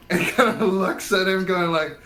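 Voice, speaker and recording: A man's voice: high-pitched, fairly bright tone. A man playing a tabletop game, playful and prankish, laughing often. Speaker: player. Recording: faint construction noise behind.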